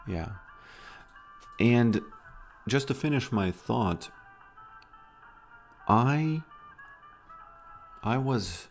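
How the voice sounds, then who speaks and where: A man's voice: mid-range voice, animated, extremely slow, pauses often, faint music behind. A man chatting casually on a live stream, rambling and hesitant with many restarts.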